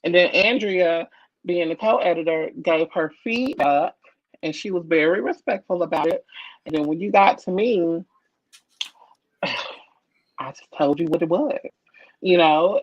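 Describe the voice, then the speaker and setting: A woman's voice: on the low side, dry recording. A woman, a comic editor, chatting casually on a video call and telling stories bluntly and emphatically. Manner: blunt, emphatic, animated storytelling. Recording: dull dry lo-fi call audio.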